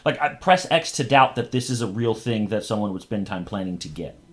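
A man chatting through a TV episode with a co-host, joking as he goes. His pitch swoops up and down, and he keeps slipping into quoted lines from the show. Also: brisk. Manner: animated, joking, acts out quotes. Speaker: podcast co-host. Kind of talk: casual TV recap chat.

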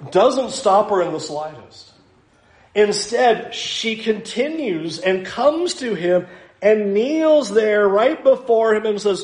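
A man's voice: high voice, lively intonation, slow pace, a little mellow, roomy sound. A man preaching a sermon in a conversational, self-deprecating way, acting out little asides. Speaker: pastor.

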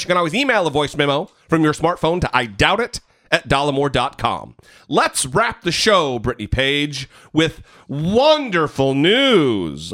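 A man's voice: fairly high pitch, sharp tone. A man co-hosting a podcast, speaking bluntly and swearing freely as he rants. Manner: blunt and profane, ranting. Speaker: podcast co-host. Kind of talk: casual podcast chat.

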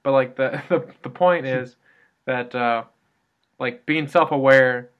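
A man's voice: medium pitch, slow pace, smooth. An American man co-hosting a casual chat, talking in loose tangents and leaning on "like" and restarts. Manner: chatty, tangential, heavy use of "like". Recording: dull lo-fi recording.

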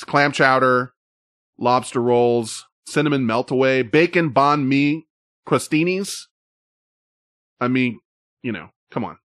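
A man's voice: mid-range voice, fairly bright tone, dry recording, clean studio sound. A man hosting a casual live stream, talking in a loose, rambling, profane way. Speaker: host.

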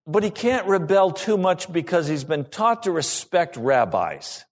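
A male pastor preaching a sermon to his congregation in an animated, rising and falling delivery. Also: high voice, a little slow.

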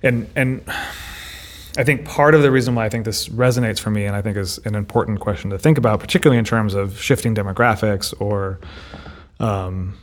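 A man's voice: on the low side, fairly quick. A man co-hosting a podcast, talking through ideas in a thoughtful casual way and often repeating words as he thinks. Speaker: podcast co-host. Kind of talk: casual discussion.

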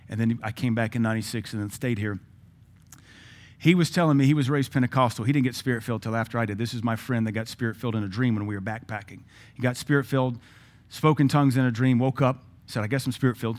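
A middle-aged man, preaching a sermon as pastor, telling stories with acted-out quotes and blunt asides. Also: mid-range voice.

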